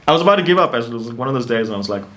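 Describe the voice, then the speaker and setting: A man in an interview talks loosely about his own life, rambling and restarting. His voice sits at an ordinary middle pitch, but it leaps up often and sharply when he stresses a point. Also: rapid-fire. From South Africa. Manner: rambling and animated, with restarts and rising emphasis. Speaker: interview guest. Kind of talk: casual storytelling.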